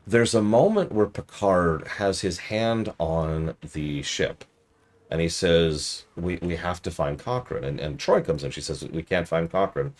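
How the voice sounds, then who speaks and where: A man's voice: low-pitched, expressive, unhurried. A man streaming a game review in casual commentary, easily exasperated and ranting at the game while chatting with viewers.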